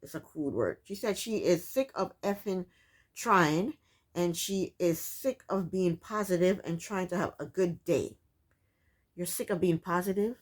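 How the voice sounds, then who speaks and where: Woman, reality show recap, casual commentary, sassy, exasperated, rhetorical questions, husky. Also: on the low side, measured pace.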